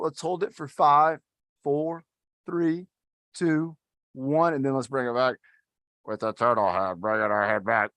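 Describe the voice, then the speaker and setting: A man's voice: on the high side, a bit bright, no echo, clean studio sound. A man instructing an adaptive fitness class, talking in an upbeat, encouraging way and counting down the holds. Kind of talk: guided workout instruction.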